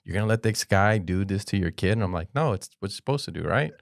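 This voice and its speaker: A middle-aged man with a lowish voice tells stories in casual podcast talk. He swears freely and throws himself into the quoted lines. The recording is close and dry. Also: quick pace, creaky, no echo. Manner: animated storyteller, acts out quotes, swears. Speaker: podcast host.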